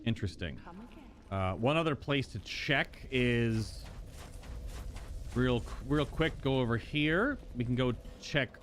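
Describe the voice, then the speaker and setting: Excitable man commenting on gameplay. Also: medium pitch, slow pace, slight background noise. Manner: thinks aloud, bursts into exclamations. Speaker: gaming host.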